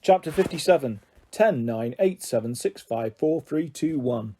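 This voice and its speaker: Mellow-voiced man reading a story aloud. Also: lively intonation, measured pace, slight background noise. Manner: voices characters with high, raised pitch. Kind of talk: reading a children's book aloud.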